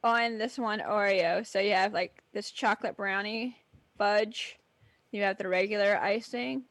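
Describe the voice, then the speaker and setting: A woman's voice: mid-range voice, steady tone, unhurried, fairly bright tone, dry recording. A woman co-hosting a podcast in casual chat, chatty and enthusiastic, often laughing. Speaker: podcast co-host. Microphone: camera in front of her face.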